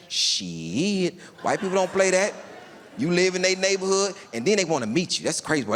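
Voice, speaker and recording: A man performing stand-up comedy, telling a long story and acting out the people in it. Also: on the high side. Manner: animated storytelling with voiced quotes. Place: large theater stage before a live audience. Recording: live hall with reverb and faint room noise.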